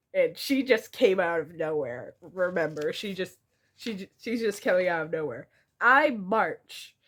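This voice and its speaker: A young woman recalls a comic she drew as a child, reading it aloud at an unhurried pace. Her pitch swings widely, and she keeps breaking into giggles. She teases her own childhood self with easy, self-mocking humor. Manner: giggly, breaks into laughter often. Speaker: vlogger.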